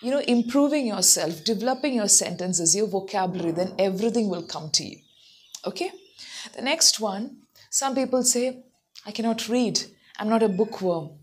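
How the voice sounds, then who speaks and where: A woman's voice: medium pitch, moderate pace, a little hiss or hum. A woman English tutor giving an earnest, instructive talk that answers viewers' common questions. She often checks in with the listener by asking "okay?".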